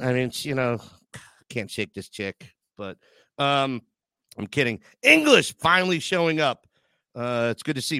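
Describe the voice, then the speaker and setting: Bright, crisp-voiced joking male host. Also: fairly low pitch, no room sound. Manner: joking, crude banter, emotional asides. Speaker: podcast host. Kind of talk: casual live-stream chat.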